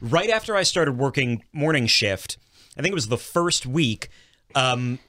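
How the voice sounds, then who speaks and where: A man talking as a guest in casual chat, halting and starting over before getting his point out. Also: medium pitch, expressive, sharp tone, no echo, studio quality.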